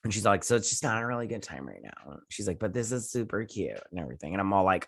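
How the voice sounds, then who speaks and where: A man hosting a casual episode recap, rambling along and acting out characters' lines in quick quoted bits, swearing now and then. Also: on the low side, sing-song, creaky, breathy edge, no echo. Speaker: host.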